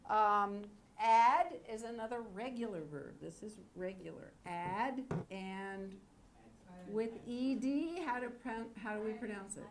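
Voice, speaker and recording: Slow, clear ESL teacher woman. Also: fairly high pitch, slight background noise. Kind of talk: classroom teaching. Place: classroom.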